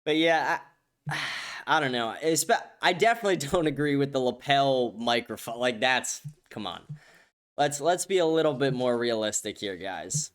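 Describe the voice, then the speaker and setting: A man's voice: mid-range voice, expressive, moderate pace. A young man hosting a livestream podcast, reading chat comments aloud in a blunt, profane, casual way and laughing often. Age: young adult.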